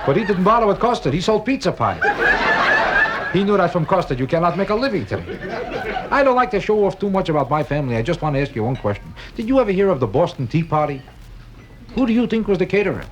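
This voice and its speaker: A man doing stand-up comedy on a nightclub stage, with a deadpan, kvetching, sing-song delivery. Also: high-pitched, quick pace. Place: nightclub stage before a live audience. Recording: 1962 live album with audience noise.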